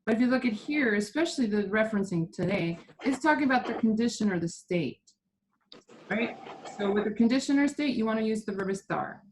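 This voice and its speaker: A woman's voice: fairly high pitch, animated, brisk, a little mellow, a little hiss or hum. A woman teaching a Spanish class, patiently explaining grammar step by step.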